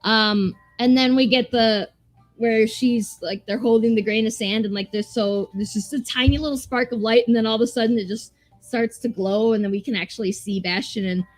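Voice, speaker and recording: Animated, profane woman podcaster. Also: on the high side, moderate pace, dry recording, faint music behind. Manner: animated, profane, rambling with restarts. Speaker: podcast co-host. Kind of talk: casual movie discussion.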